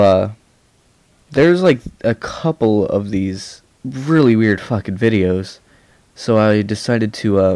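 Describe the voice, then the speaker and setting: A man's voice: lowish voice, a little mellow, no room sound. Rambling, exasperated male reactor. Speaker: YouTuber reacting to videos. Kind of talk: casual reaction commentary.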